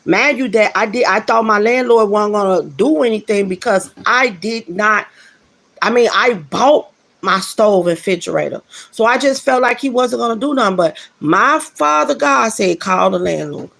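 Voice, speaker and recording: Middle-aged woman, a fry in her voice, giving an earnest, casual spiritual testimony. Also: medium pitch, normal speed, a bit bright. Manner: earnest, repeats phrases for emphasis, addresses listeners directly.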